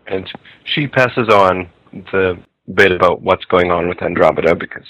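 Deep-voiced man with a measured manner. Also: a bit bright, no room sound, rough recording. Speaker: podcast co-host. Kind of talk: casual discussion.

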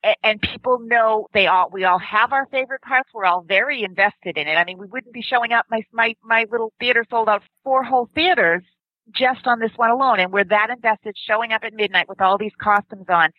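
A woman with a fairly high voice, earnest and argumentative as she makes her case. The recording is slightly dull and dry. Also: a little fast, no room sound. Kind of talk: casual opinion chat.

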